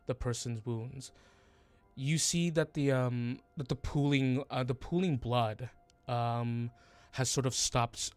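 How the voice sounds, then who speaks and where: A man's voice: mid-range voice, darkish tone, clear, resonant tone. A man narrating a tabletop game as game master, hesitant, with many fillers and restarts.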